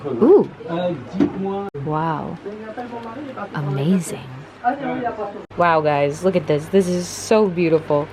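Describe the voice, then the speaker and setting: A woman hosting her own shopping vlog, gushing with excitement as she films on her phone at an outdoor flea market, sometimes dropping to a whisper. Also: low voice, slow pace, long pauses, a little hiss or hum. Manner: gushing, animated, drops into soft whispers. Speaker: vlogger host. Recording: phone audio with loud crowd.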